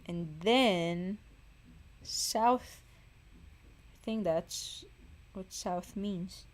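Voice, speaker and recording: Speaking very slowly in a fairly low voice, this woman streams live and also sings. As she draws, she chats casually and thinks out loud, sighing, sounding worn out, and teasing herself.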